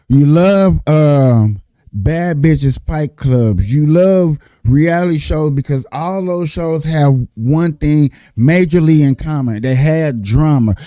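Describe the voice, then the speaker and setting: A man's voice: on the high side, mellow, no echo, clean studio sound. A man arguing hard in a casual panel debate, profane and emphatic, repeating his points. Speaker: panelist, Trump supporter.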